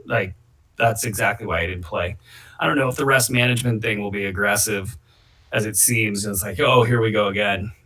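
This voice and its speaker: A man's voice: fairly low pitch, a little fast, sharp tone. A man hosting a casual sports chat, opinionated and rambling, given to hot takes. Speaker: host.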